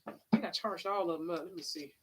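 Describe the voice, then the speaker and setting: A woman's voice: lowish voice, fast, slight background noise, poor audio. A woman giving a casual live tarot reading, chatty and drawling, sniffling now and then. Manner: chatty, drawling, calls listeners honey and child. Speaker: tarot reader.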